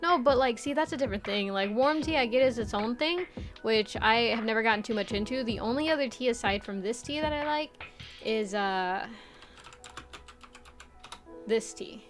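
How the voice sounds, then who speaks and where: A young woman from the Midwest streaming a casual chat, animated and chatty, laughing often as she reads chat aloud. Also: fairly high pitch, normal speed, soft background music. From Midwest United States.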